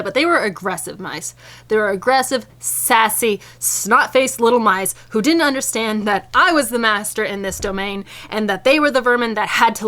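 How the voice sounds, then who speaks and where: A woman vlogger telling a comic story to camera in an animated, theatrical, playfully indignant way. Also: a little high.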